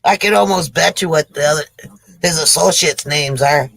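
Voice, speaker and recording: A man's voice: fairly high pitch, moderate pace, vocal fry, a bit bright, poor audio. A man short of breath and on oxygen, telling jokes to his viewers in a chatty, casual livestream. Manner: chatty, addresses viewers as folks. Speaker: livestream joke teller.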